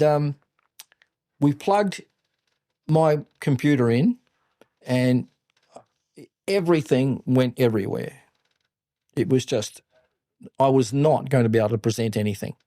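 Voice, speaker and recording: Older Australian man, warm blunt storyteller. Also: mid-range voice, dry recording, clean studio sound. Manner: animated anecdotes, blunt and salty. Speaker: podcast guest, business mentor. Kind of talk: casual interview storytelling.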